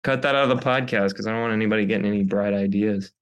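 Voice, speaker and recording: A man's voice: on the low side, racing, clear, resonant tone. A man chatting as a guest on a podcast, rambling and self-conscious, joking with the hosts. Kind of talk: casual chat. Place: podcast studio.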